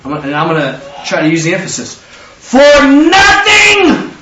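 A man preaching a lively sermon with call-and-response, acting out quotes in different voices. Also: a little high, very fast, very noisy. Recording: echoey room, distant mic, dull sound.

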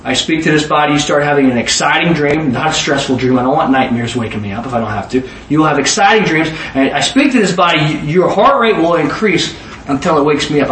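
A man in his forties preaches with a fairly high, animated voice. He keeps throwing questions out to the room, and his voice is caught from some distance in a roomy, echoing space with faint background ambience. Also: fast, slight background noise. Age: 40s. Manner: animated, conversational, asks the audience questions. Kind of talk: sermon. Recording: roomy echo, voice from far off.

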